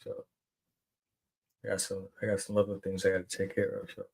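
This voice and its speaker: Man, podcast co-host, low voice, rambling, teasing. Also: completely flat delivery, fairly quick, gravelly, a little mellow, husky, rough recording. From New York. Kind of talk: casual chat.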